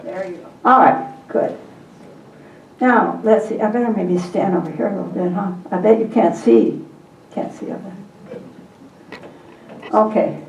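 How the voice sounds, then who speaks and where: A woman's voice: medium pitch, a little slow, creaky, pauses often, a little mellow, slight background noise. Woman teaching from afar in a roomy space. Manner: coaxing, repeats prompts, laughs often. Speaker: Bible teacher for a group. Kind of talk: call-and-response Bible lesson. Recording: distant, roomy and dull.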